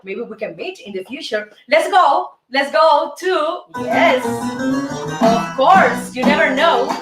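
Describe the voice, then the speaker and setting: A woman's voice: high-pitched, expressive, slow. A Cuban woman, a native Spanish speaker, hosting a show and teaching salsa steps in accented English, counting beats aloud in a playful, encouraging way. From Cuba. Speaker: dance instructor and show host. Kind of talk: dance lesson. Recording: roomy, distant mic, faint music.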